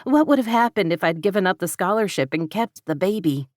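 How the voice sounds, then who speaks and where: A woman's voice: medium pitch, expressive, fairly quick, a little mellow, no echo, clean studio sound, pitched above the performer's own voice, lightly acted. A woman voicing a candid young woman who teases and confides earnestly. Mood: confiding.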